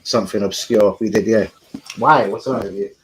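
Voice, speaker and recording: Laid-back, slangy man with a low voice. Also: steady tone, moderate pace, a little hiss or hum, poor audio. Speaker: streamer and channel host. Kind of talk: casual live-stream chat.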